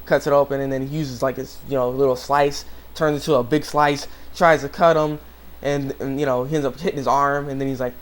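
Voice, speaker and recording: A man's voice: mid-range voice, fairly even intonation, a little fast. A man giving a casual, rambling episode review, full of fillers and restarts, now and then acting out characters' lines. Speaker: anime reviewer. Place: home room with a dog nearby.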